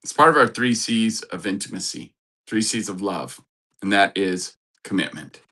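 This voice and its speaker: A man's voice: fairly low pitch, normal speed, pushed and bright. A middle-aged man, a relationship coach, giving an earnest, rambling motivational talk with restarts and chuckles.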